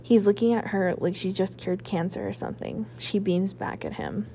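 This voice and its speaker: A woman librarian reading a children's novel aloud, with expressive first-person narration. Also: mid-range voice, moderate pace, hardly any pauses, slight background noise. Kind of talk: children's book read-aloud.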